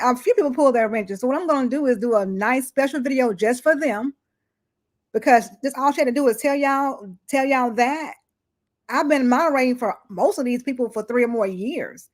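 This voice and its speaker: A woman hosting a casual live chat, speaking in a relaxed, halting way with fillers. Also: sits high. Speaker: host.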